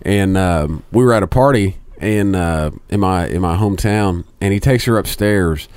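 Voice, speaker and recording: A man in a casual podcast chat, telling profane and animated stories to his friends. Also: low-pitched, moderate pace, clean tone, dry recording.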